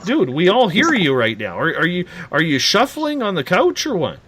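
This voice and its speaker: A man hosting a late-night radio talk show, animated and teasing as he rants. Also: sits high, moderate pace, very noisy.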